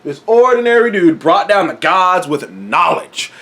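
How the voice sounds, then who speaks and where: Man, young, casual show review, high bright voice, very lively, rambling, swears. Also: unhurried. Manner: rambling, animated, swears freely.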